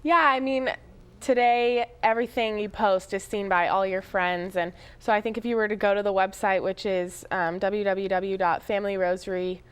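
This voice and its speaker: Young woman, talk show guest, smooth clear voice, earnest explaining. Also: medium pitch, steady tone, moderate pace.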